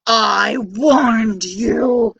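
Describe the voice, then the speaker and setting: A woman voicing a huge, horrible male giant who roars his threats loudly and slowly. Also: on the high side, creaky, breathy edge, no room sound, dull audio, heavily acted. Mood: angry roaring. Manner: loud, slow, drawn-out roaring.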